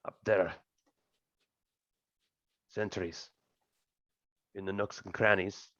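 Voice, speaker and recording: A man's voice: medium pitch, animated, slow, creaky, dry recording, dull audio, voice pushed up, heavily acted. A man voicing a haughty, commanding female warrior leader in a tabletop game, speaking curtly. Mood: hushed, wary. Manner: curt and commanding.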